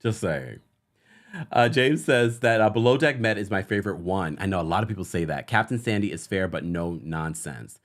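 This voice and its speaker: Animated chatty male recap host. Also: sits low, moderate pace, slight background noise. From United States. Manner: animated, chatty, with laughs and quoted asides. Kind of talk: live-stream reality TV recap.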